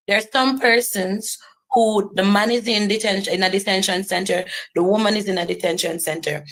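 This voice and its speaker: Earnest woman with a gravelly voice. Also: mid-range voice, fairly bright tone, poor audio. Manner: earnest, emphatic, repeats phrases for weight. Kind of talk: personal testimony to camera.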